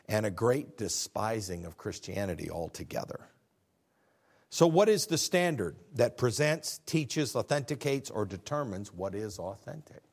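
A man in his fifties preaching from the pulpit, his pitch rising and falling in lively swings. He asks the congregation questions and answers them himself, now and then slipping into quick imitations of other people. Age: 50s. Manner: preaching with rhetorical questions and acted-out dialogue. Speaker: pastor. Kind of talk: sermon.

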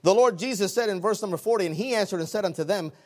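A man preaching a sermon, swinging between loud exclamations and hushed, quiet lines. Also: high voice, fast talker. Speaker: pastor.

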